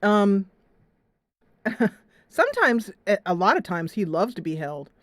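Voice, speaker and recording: A woman's voice: mid-range voice, very animated, a little slow, no room sound, clean studio sound. A young woman hosting her gaming livestream, chatting casually and laughing often. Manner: chatty and giggly, with frequent laughs. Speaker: gaming channel host.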